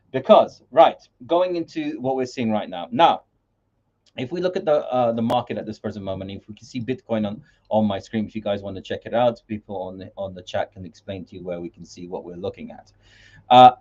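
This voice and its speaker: Mellow-voiced man hosting a crypto livestream. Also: medium pitch, highs cut off. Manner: rambling, many fillers and restarts. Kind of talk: casual market commentary livestream.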